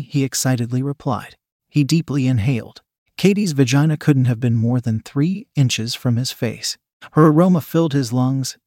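A man reads an erotic story in a steady, even narrating voice. The sound is dry and close, with no room echo. His voice sits at a middle pitch for a man.

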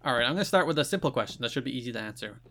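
An Irish man co-hosting a podcast, chatting casually and sarcastically about wrestling, laughing often. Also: mid-range voice. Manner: animated, quick to laugh, sarcastic. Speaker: podcast co-host.

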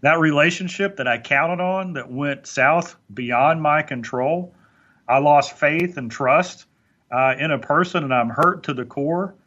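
A man's voice: on the high side, a little slow, bright, forceful tone, dull audio. A man talking earnestly on a motivational podcast, stumbling into restarts as he makes his points. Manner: earnest, preachy, with many restarts. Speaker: podcast guest speaker.

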